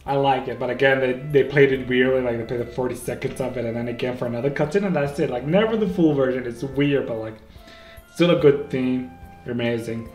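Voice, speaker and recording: A man hosting a casual solo podcast, rambling and excitable, often stopping to correct himself, on a home microphone. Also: mid-range voice, fairly quick. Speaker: podcast host. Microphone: home microphone, may clip. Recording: echoey room with faint music.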